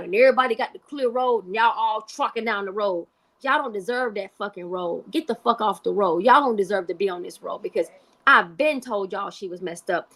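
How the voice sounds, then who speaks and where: A woman's voice: mid-range voice, fairly bright tone. A woman hosting a live stream, delivering heated commentary in an emphatic, profane way and repeating points for emphasis.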